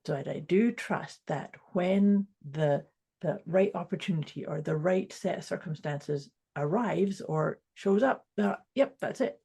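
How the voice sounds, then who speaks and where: A woman's voice: lowish voice, unhurried, vocal fry, dark tone, husky. A woman hosting a podcast, explaining ideas in a reflective, casual way with frequent restarts. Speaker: podcast host. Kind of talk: casual chat.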